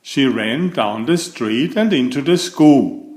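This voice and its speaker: Slow, expressive male storybook reader. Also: medium pitch. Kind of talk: read-aloud picture book narration.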